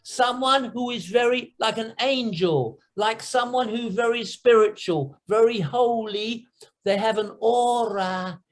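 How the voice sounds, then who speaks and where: A British-born man talking with students in simple, slow English, mixing in Indonesian words and emphatic exclamations. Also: very high voice. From United Kingdom. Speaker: guest teacher. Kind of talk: classroom discussion. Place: classroom session.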